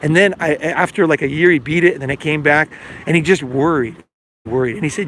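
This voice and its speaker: A man's voice: fairly high pitch, brisk, fairly bright tone, a little hiss or hum. A middle-aged man hosting a podcast, talking in a rambling casual monologue full of fillers and acted-out quotes. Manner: rambling, filler-heavy, acts out quoted dialogue. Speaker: podcast host and life coach.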